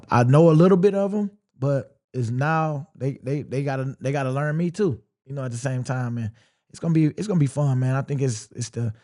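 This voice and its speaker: A man with a mellow, dark voice gives an unhurried sit-down interview about his playing career. He talks in a relaxed, drawling way and slips into quoting his own thoughts mid-story. His tone stays reflective throughout. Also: mid-range voice. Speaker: interview guest, pro football player.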